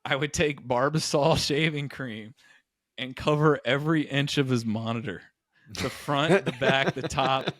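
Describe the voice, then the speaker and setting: A man's voice: medium pitch, unhurried, no room sound, clean studio sound. A man co-hosting a podcast, telling college stories in casual chat and acting out the voices of the people in them. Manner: animated storyteller, acts out quoted voices. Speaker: podcast co-host.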